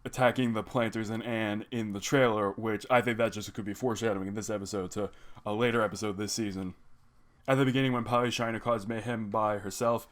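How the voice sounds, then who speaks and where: A man giving a casual, rambling recap of an animated episode, with many "like" and "you know" fillers. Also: on the low side. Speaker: video reviewer.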